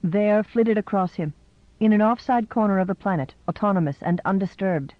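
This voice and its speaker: A man reading a novel aloud in measured, scripted narration. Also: high-pitched, dry recording, dull audio. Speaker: audiobook narrator.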